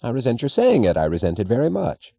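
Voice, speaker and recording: A man's voice: medium pitch, huge pitch swings, fast, vocal fry, muffled recording, voice pushed up, heavily acted. A man reading an audiobook voices an earnest, worried young railroad assistant who speaks urgently and plainly. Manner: urgent, pleading, plain-spoken.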